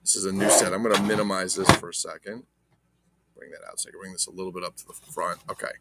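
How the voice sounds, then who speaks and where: A man's voice: low-pitched, fairly even intonation, fast talker, heavy background noise. A man hosting a casual toy unboxing vlog, joking and talking to viewers while handling items, with mock-dramatic asides. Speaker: toy collector host.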